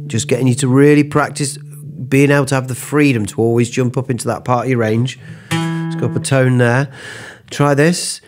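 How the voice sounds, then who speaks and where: A man with a British accent teaching singing, talking in a relaxed, encouraging way between vocal exercises. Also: mid-range voice, moderate pace, music in the background. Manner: relaxed, encouraging, talks while demonstrating. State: slightly under the weather after sneezing. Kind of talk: spoken vocal lesson between sung exercises.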